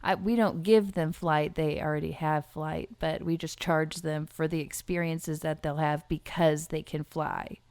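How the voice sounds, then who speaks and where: A woman guest on a podcast, playing along deadpan with absurd jokes. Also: deep voice, unhurried, hardly any pauses, clean tone, no echo. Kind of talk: casual chat.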